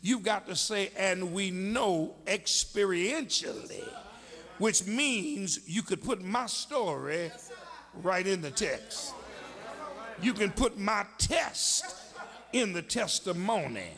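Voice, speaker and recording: A man preaching a sermon in a church, his voice high and gravelly with plenty of fry. He speaks slowly and deliberately, then swells into shouted lines and call-and-response with the congregation, all carried on a long hall reverb. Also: very animated. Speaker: pastor.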